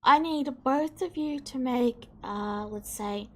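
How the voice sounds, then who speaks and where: A woman game master guides a tabletop game at an unhurried pace. Her voice is fairly high and she explains rules patiently. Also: a bit bright.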